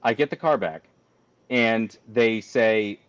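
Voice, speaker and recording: A man's voice: lowish voice, slow, a bit bright, clean tone, dry recording, lo-fi sound. A man telling a story in a casual chat, ranting with exasperated exaggeration. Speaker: guest cigar company representative.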